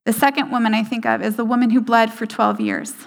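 A woman giving a sermon, slowing down for emphasis and dropping to a hushed voice for quoted lines. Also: on the high side, fairly even intonation, creaky. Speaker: speaker at a church service. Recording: hall reverb.

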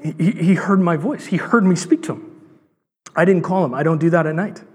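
A man in his thirties preaches a sermon, telling a story and acting out its voices. His voice sits a little high and has a husky edge. A long reverb hangs behind him, as in a church hall. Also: brisk. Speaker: pastor.

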